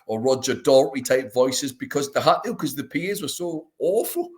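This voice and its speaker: A podcast host with a mid-range, expressive, slightly mellow voice speaks at normal speed. He tells anecdotes enthusiastically in casual conversation, laughing often.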